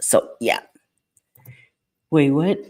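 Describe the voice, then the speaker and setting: Low-voiced chatty woman live-streaming. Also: animated, drawn-out words, a little mellow. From Puerto Rican heritage. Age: middle-aged. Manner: chatty, greets viewers by name, rambling asides; keeping her voice down. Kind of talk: casual live-stream chat. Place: at home.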